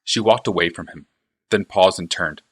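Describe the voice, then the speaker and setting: A man reading a fantasy novel aloud in steady, even narration. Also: deep voice, normal speed, breathy edge. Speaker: reader, streamer.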